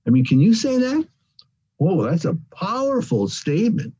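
A man leads an evening Bible study in a mellow, slightly husky voice. He explains each word carefully, repeats himself, and stresses the phrases that matter. The sound is dull and lo-fi. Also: high-pitched, big pitch swings, moderate pace. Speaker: Bible teacher. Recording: dull lo-fi recording.

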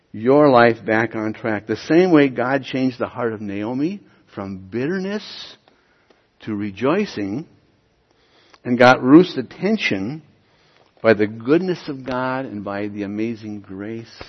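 A man preaching a sermon as a pastor, emphatic, putting questions to the congregation and rising to loud peaks. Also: medium pitch, husky. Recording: dull recording with long hall reverb.

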